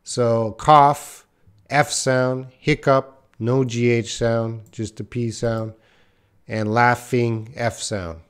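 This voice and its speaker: A man's voice: medium pitch, level tone, takes it slowly, smooth. A man teaching English on a live stream, reading out viewers' questions and thinking aloud with lots of fillers. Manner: thinking aloud with many uh fillers, reads viewer names and comments.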